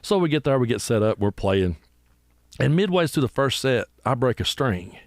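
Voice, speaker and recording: A man with an Appalachian accent, a musician guest telling animated stories and acting out the people in them. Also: medium pitch, normal speed, no room sound, studio quality. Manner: animated storyteller, acts out voices. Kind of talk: casual storytelling interview.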